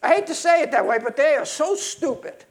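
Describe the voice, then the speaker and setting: A man's voice: very high-pitched, big pitch swings, brisk. A man preaching a sermon in a heated, emphatic way, often restarting his sentences.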